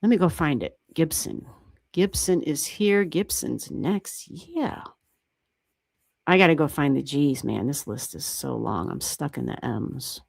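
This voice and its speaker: A woman hosting a livestream in a lower, easygoing voice, talking casually and getting excited, laughing and swearing now and then. The sound is dry and close, with little room around it. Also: measured pace, creaky, slightly rough, no echo. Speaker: astrology livestream host.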